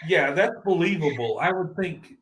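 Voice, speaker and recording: A man with a notably high voice talks in a relaxed, casual way. He stumbles, restarts his sentences and laughs often as he goes. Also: normal speed. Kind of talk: casual chat.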